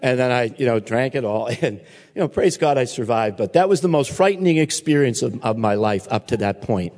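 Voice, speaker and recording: A man's voice: mid-range voice, fairly quick, in a large hall. A man, a pastor, telling a story and reading scripture in a sermon, acting out the people in his story. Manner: animated storytelling with quoted voices.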